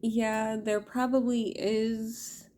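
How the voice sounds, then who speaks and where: Woman tarot reader, unhurried, loose and chatty, laughs and curses. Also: a little high, flat delivery, dark tone, a little hiss or hum. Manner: laughing, swearing, rambling storyteller. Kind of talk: casual monologue to camera.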